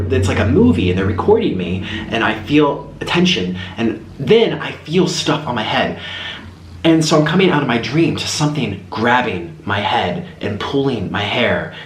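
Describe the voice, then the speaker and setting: A man vlogging a casual story while he eats, rambling and animated, with lots of restarts. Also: mid-range voice. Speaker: mukbang vlogger. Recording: roomy echo, faint background hiss.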